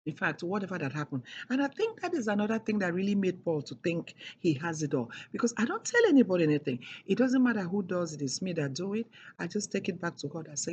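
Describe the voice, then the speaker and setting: A woman's voice: fairly low pitch, big pitch swings, fast talker, a little mellow, lo-fi sound, slight background noise. A middle-aged woman telling a personal story in an emphatic, repetitive way, leaning hard on key words. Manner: emphatic and repetitive, with heavy stresses. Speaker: speaker sharing a personal testimony.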